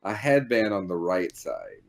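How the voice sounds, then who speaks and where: A man's voice: deep voice, wildly swooping pitch, measured pace, vocal fry. A man co-hosting a casual chat about retro games, jokey and riffing on silly details. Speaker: podcast co-host.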